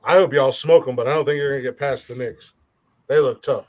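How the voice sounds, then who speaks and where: A man's voice: mid-range voice, steady tone, fairly quick, a little mellow, slight background noise. A man hosting a comedy podcast, swearing freely and laughing often. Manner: profane, laughs often, repeats words for jokes. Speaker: podcast host. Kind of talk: crude comedic banter.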